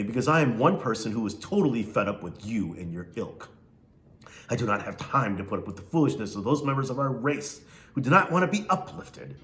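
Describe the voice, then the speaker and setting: A man's voice: medium pitch, fairly bright tone, natural voice. A man voicing a stern, pompous middle-aged foster mother who scolds in formal, haughty speech.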